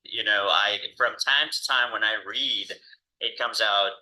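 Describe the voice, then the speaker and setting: Bright-voiced Nicaraguan man. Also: lowish voice, measured pace, poor audio. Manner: chatty, laughs at himself, fillers. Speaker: student reading aloud. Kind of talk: reading aloud then casual chat.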